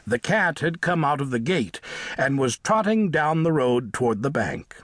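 A man narrating a children's audiobook with lively, expressive storytelling. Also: mid-range voice, moderate pace, no room sound, clean studio sound. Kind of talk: scripted narration of a children's book.

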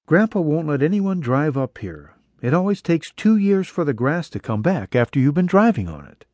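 A man voicing a brisk, sharp-tongued young ranch woman in an audiobook. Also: on the high side, big pitch swings, no echo, voice pushed up. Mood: earnest.

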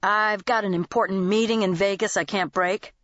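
A woman's voice: mid-range voice, fairly even intonation, normal speed, a bit bright, no room sound, muffled recording, natural voice. A woman voicing a controlled, guarded man who answers in short, clipped lines. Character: guarded, controlled male lawyer.

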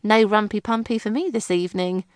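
A woman's voice: steady tone, a little fast, clean tone, no echo, studio quality, natural voice. A woman voicing a blunt, worn-out young mother, talking belligerently. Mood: grumbling. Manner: belligerent, teasing, high and loud.

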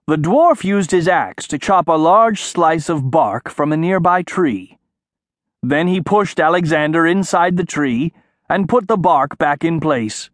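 A man narrating a children's audiobook in a measured, expressive way, recorded in a studio. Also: on the high side, no room sound. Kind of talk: scripted narration.

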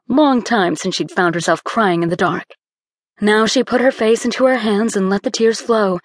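A woman's voice: mid-range voice, dry recording. Woman narrating an audiobook, dry sound. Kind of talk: scripted narration.

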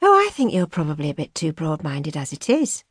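A woman's voice: low voice, big pitch swings, breathy edge, no room sound, full character voice. A woman narrator voicing a young Yorkshire woman, earnest and teasing, in an audiobook. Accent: soft Yorkshire. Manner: teasing, idealistic, quick to mock. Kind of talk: audiobook character voice. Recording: dry studio recording.

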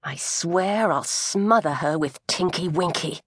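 A woman's voice: lowish voice, slow, husky, no echo. A woman voicing a weary, irritable young pregnant woman with dry, exasperated asides. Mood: wry.

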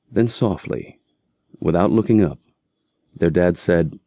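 A man narrating an audiobook in a steady, measured storytelling voice. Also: sits low, dry recording.

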